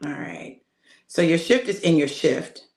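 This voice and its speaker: A woman's voice: deep voice, lively intonation, measured pace, darkish tone, reverberant. A woman minister delivering a casual, emphatic spoken sermon, talking straight to her listeners. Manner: emphatic and conversational, addressing listeners directly. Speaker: prophetic minister.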